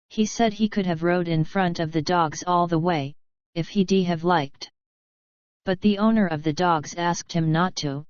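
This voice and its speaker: A blunt, rough-spoken outback cattleman, as a woman narrator puts him on, drawling along in a rustic bush manner with dropped endings. The voice sits fairly low and smooth. It is heard as an audiobook reading on a dry, slightly dull recording. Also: a little mellow, no echo, natural voice.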